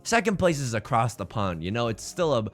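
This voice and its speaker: A brisk, sing-song, mid-range voice belongs to a man live-streaming gameplay with casual jokes and commentary. He rambles, repeats himself and drops viewers' names mid-sentence, over faint background music.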